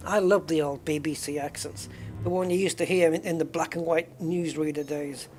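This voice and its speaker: Answering viewer questions as he plays, a British streamer chats and rambles in a casual way. His voice sits on the high side and is a little mellow, with fairly even intonation, a moderate pace, and slight background noise.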